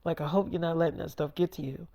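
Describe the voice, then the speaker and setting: A man voicing his teen girlfriend in a made-up story, speaking in a hushed, quiet way. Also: on the high side, fairly even intonation, fast talker, no echo, pitched below the performer's own voice, natural voice. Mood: pleading. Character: teen girlfriend, soft and pleading.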